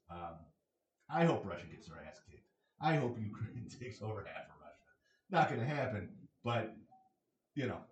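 Blunt ranting man in an echoey room. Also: medium pitch. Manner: blunt, ranting, frequent fillers and laughs. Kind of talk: casual opinion monologue. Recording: echoey room, a bit far from the mic.

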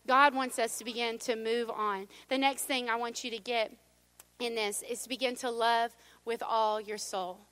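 A middle-aged woman preaching a sermon, conversational and humorous, dropping to a hush at times. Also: a little high, steady tone, moderate pace. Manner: conversational, humorous, drops to a hush for God's whisper. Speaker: pastor.

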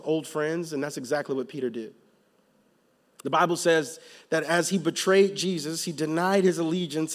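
A man preaching a sermon, moving from calm teaching to loud, emphatic passages, with casual slang in his storytelling. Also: on the high side. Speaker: pastor.

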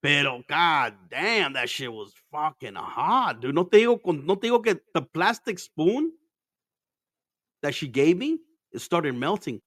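A man's voice: a little high, very animated, measured pace, a bit bright, no echo, studio quality. A man telling stories in casual chat as a podcast host, laid-back and profane, laughing often and mixing Spanish into his English.

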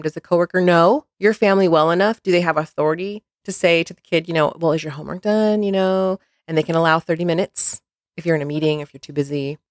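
A middle-aged woman co-hosting a podcast, chatty and animated, often breaking into laughs. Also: on the low side, no echo, clean studio sound. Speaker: podcast co-host. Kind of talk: casual conversational advice.

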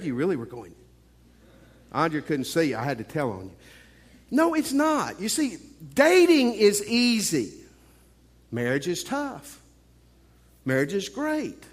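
Joking preacher man in a reverberant hall. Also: on the high side. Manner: joking, emphatic preacher with playful asides. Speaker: pastor. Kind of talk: sermon.

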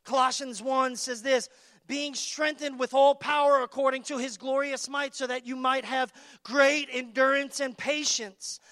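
High, bright-voiced emphatic preacher man. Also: dry recording, studio quality. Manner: emphatic, repetitive call-and-response preaching. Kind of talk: sermon.

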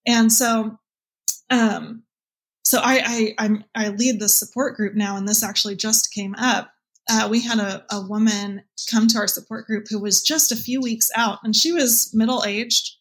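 An earnest woman answers an interviewer's questions in a reflective, open way. Her voice sits a little high. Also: steady tone, unhurried, a bit bright. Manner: earnest, reflective, quotes her own past thoughts. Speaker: guest, birth mother and support group leader.

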